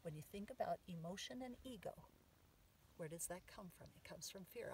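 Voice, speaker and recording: A woman's voice: fairly low pitch, moderate pace, recorded from a distance, slight background noise, poor audio. Woman teaching outdoors, heard from afar. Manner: lively, says the affirmations out loud with emphasis. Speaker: mother teaching the medicine wheel. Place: outdoors on a sand dune.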